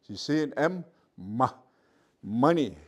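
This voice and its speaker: A man teaching a virtual language class, sounding out letters slowly, repeating each sound and checking in with his students often. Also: mid-range voice, expressive, a little mellow. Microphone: computer mic on a video call.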